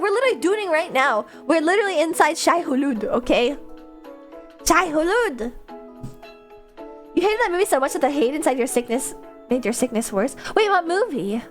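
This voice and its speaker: Young woman streamer, high bouncy voice, chatty and animated, laughs a lot, swears casually while reading chat. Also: brisk, soft background music. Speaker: livestreamer.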